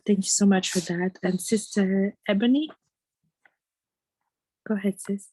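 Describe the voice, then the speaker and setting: Encouraging woman host, mellow voice. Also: mid-range voice, fairly even intonation, a little slow, breathy edge, poor audio. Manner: encouraging, warm affirmations. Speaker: study group host. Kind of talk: leading a group call. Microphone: video call.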